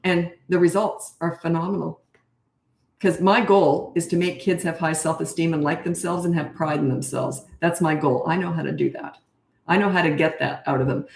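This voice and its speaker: A woman's voice: sits low, gravelly. A middle-aged woman who is a parenting coach, giving blunt, confident advice on a casual live stream. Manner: blunt, confident, acts out quoted dialogue. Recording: echoey room.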